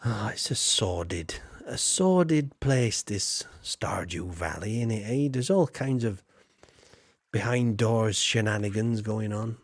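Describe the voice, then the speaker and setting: A man's voice: fairly low pitch, takes it slowly, no room sound. A man chatting casually as he streams a farming game, rambling with cheeky asides. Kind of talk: casual gameplay commentary.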